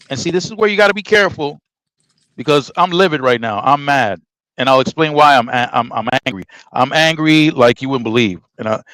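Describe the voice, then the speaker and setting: A man's voice: medium pitch, a bit bright, no echo, poor audio. A middle-aged man casually telling a story, emphatic and acting out the dialogue as he goes. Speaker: podcast host telling a trucking story.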